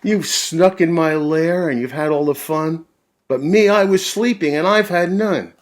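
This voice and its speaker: A man voicing a big grumpy male bear who was just woken up, in a loud, high, strained shout for a read-aloud storybook. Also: unhurried, lightly acted. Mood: angry.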